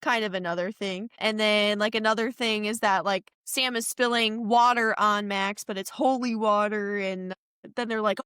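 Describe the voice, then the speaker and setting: A woman co-hosting a casual movie podcast, retelling scenes with animated character voices. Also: medium pitch, smooth, no room sound, studio quality. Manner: animated retelling, acting out character lines in quick bursts. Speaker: podcast co-host. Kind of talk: casual movie recap chat.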